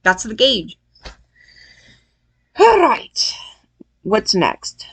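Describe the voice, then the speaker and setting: A woman's voice: mid-range voice, huge pitch swings, very slow, fairly bright tone, husky. A woman giving a loose, profane opinion rant to her viewers, often tagging lines with "right?" and acting out quoted people. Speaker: vlogger.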